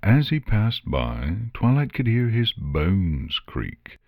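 A man reading a story aloud in a measured, expressive way. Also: low-pitched, dry recording, lo-fi sound. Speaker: narrator. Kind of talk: storybook narration.

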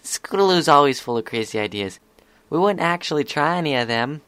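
A man's voice: fairly high pitch, expressive, brisk, fairly bright tone, clean tone, no echo, pitched above the performer's own voice. A man voicing an eager, chatty young filly pony. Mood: nervous.

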